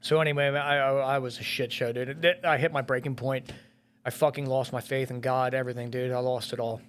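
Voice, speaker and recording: A middle-aged firefighter and police officer telling a painful rescue story in a podcast interview, blunt and full of swearing. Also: male voice, medium pitch, flat delivery, brisk, a bit bright, a little hiss or hum. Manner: blunt and profane, heavy swearing and filler words.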